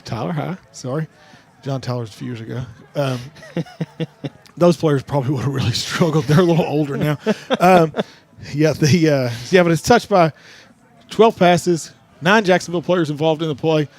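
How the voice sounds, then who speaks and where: A man's voice: on the high side, normal speed, a little mellow, no echo. Breathless enthusiastic male soccer commentator. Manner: enthusiastic, rambling with restarts. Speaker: color commentator. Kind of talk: sports commentary. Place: press box at a stadium.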